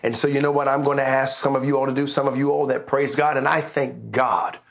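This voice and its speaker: A pastor giving an online sermon, telling a personal story in a conversational way and building to exuberant praise. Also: male voice, mid-range voice, level tone, brisk, gravelly. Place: church service streamed online.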